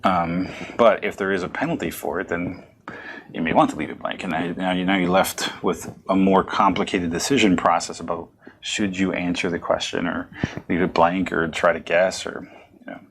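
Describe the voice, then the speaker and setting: Low-voiced rambling male lecturer. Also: steady tone, moderate pace, fairly bright tone, a little hiss or hum. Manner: rambling, self-correcting, conversational. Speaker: psychology lecturer. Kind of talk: recorded lecture.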